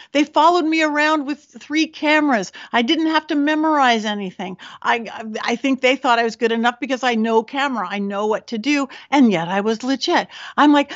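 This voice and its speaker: A woman podcast host and psychic medium, telling a story in a chatty, animated, self-mocking way. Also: a little high, no room sound, dull audio. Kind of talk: casual storytelling monologue.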